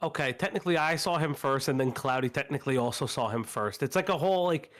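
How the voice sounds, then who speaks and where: A man's voice: mid-range voice, fast talker, fairly bright tone. A man guesting on a stream, chatting loosely, laughing a lot and swearing freely. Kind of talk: casual stream chat.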